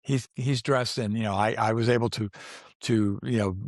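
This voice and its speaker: A man's voice: on the low side, steady tone, moderate pace, no room sound, clean studio sound. A man in his sixties, an actor as a guest, telling stories in a casual interview, rambling, restarting often and laughing as he goes. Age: 60s.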